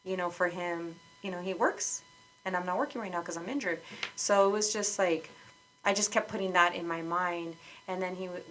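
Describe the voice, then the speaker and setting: A woman's voice: fairly low pitch, normal speed, a bit bright, a little hiss or hum, rough recording. A woman guest on a podcast, candidly telling her own story in conversation, outspoken and frank, with lots of fillers and restarts.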